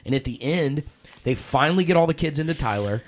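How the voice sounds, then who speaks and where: A man, a podcast guest, telling a story in casual chat, animated and full of cursing and acted-out quotes. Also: on the high side, fairly quick, slight background noise.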